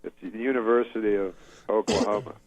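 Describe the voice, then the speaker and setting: A man from Canada, a guest comedian, telling a long, rambling story in a deadpan way, full of fillers and restarts. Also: on the low side, brisk, no room sound, highs cut off. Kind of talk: casual storytelling.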